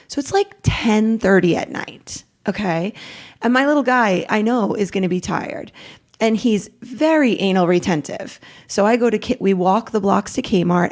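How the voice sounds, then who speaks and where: A middle-aged woman, a podcast guest, telling a raw personal story in a rambling, animated way, acting out what each person said. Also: medium pitch, gravelly. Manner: rambling, animated retelling with quoted dialogue.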